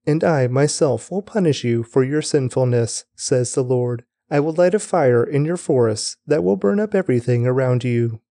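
A man giving a scripted scripture reading in a steady, measured way. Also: mid-range voice, dry recording, clean studio sound. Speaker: scripture reader.

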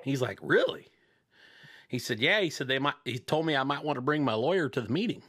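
A man's voice: medium pitch, expressive, quick pace, fairly bright tone. A man hosting a radio show, chatting casually and telling a long crude joke in a rambling, profane way. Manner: profane, rambling storyteller who voices the joke's characters.

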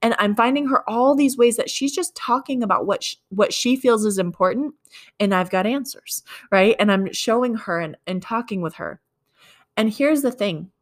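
A woman's voice: fairly high pitch, moderate pace. A woman working as a leasing agent tells a work story in a conversational way, acting out both sides of the dialogue. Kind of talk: storytelling sales advice.

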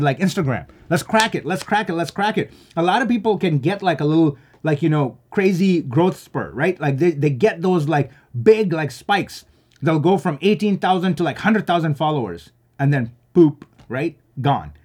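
Animated, chatty young man. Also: on the high side. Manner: animated, enthusiastic, peppered with "like" and "right?". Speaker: creative freelancer giving career advice. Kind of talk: casual advice vlog.

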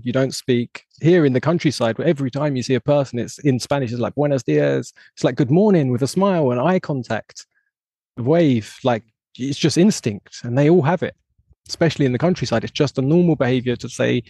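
A man's voice: medium pitch, mellow, slightly rough, no room sound. A man from England hosting a podcast, talking in a reflective, thinking-aloud way with lots of "like" and "you know.". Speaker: podcast host. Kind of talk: casual conversation.

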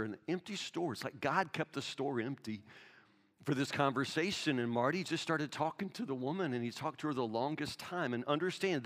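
A man's voice: a little high, a bit bright, long reverb tail. A man pastor preaching a sermon, telling a story and then pressing his point with emphatic questions. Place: church sanctuary.

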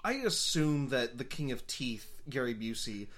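A man with an average-pitched voice talks casually about films. He is wry and a little self-mocking, joking at his own expense. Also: sing-song, a little slow, fairly bright tone. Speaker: podcast co-host. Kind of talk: casual movie discussion.

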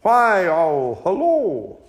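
Scottish grandpa doing a cheeky chirpy mouse. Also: male voice, huge pitch swings, drawn-out words, full character voice. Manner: high, bright and chirpy. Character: bold little male mouse, clever and cheeky.

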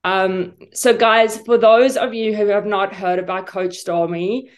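A woman's voice: mid-range voice, fairly even intonation, measured pace. A woman from South Africa hosting a podcast interview, gushing and effusive, teary-eyed, with many fillers. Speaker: podcast host.

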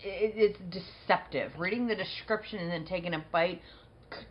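A woman's voice: on the low side, normal speed, highs cut off. A woman co-hosting a podcast in a small studio, giving short, matter-of-fact answers. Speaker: co-host, product reviewer. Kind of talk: casual podcast chat.

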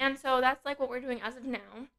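A woman's voice: high voice, fairly quick, bright, forceful tone. A teenage girl chatting casually about college prep, with a lot of "like" filler, at a desk mic. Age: teens. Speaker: co-host. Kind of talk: casual advice chat. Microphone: desk microphone.

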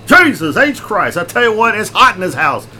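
Excitable joking man, lively pitch. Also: moderate pace, crowd noise. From Texas. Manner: loud, jokey and excitable, laughs often. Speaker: podcast co-host. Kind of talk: casual chat. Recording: faint background noise.

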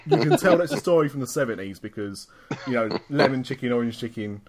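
A man's voice: mid-range voice, expressive, brisk, a little mellow, a little hiss or hum. A man hosting a podcast in casual chat, rambling through stories and laughing often. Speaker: podcast host.

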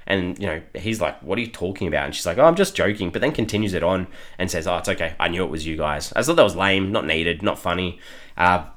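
A man's voice: deep voice, fast talker, a bit bright. An Australian man hosting a podcast, chatting casually through an episode review with frequent chuckles and fillers. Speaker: podcast host.

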